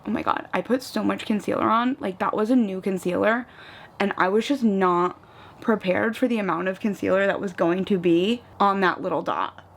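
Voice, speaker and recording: A woman's voice: mid-range voice, fairly quick. A young woman from the US East Coast chatting casually while doing her makeup at home, filling her talk with "like" and acting out little retellings. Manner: chatty, peppered with "like", animated retellings. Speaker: vlogger. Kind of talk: casual get-ready-with-me chat.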